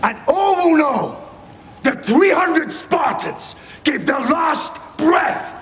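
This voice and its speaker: An actor with a Scottish accent playing a commanding, defiant warrior king who speaks in a booming, declamatory film delivery over a music score. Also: sing-song, slow, a bit bright, heavily acted. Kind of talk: film dialogue. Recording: film clip with music behind.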